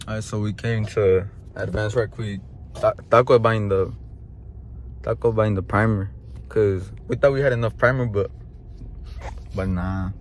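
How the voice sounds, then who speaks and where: A man narrating a casual vlog, relaxed and slangy, restarting his sentences often. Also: lowish voice, measured pace, pauses often, rough recording. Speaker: vlogger. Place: outdoors and in stores, on the move. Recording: phone video with loud background noise.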